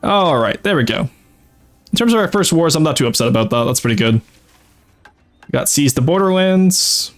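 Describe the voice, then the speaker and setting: A man's voice: a little high, expressive, normal speed, long pauses, soft background music. A man streaming a strategy game, casually thinking aloud and explaining his tactics with frequent "uh"s and self-corrections. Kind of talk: casual live-stream commentary.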